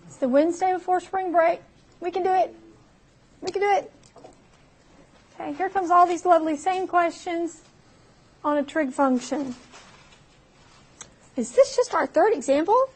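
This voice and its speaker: Chatty high-voiced woman teaching math. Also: moderate pace, pauses often, a little mellow, slight background noise. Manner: chatty, laughs at herself, talks through calculator steps. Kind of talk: recorded math lecture.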